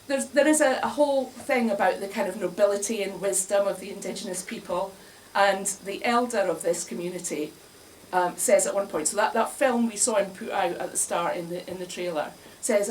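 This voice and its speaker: A woman's voice: medium pitch, a little fast, few pauses, a little mellow. A woman giving a comic talk to a live bar audience, wry and chatty, often laughing at her own jokes. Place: bar, indoors, in front of an audience. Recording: distant mic with faint room noise.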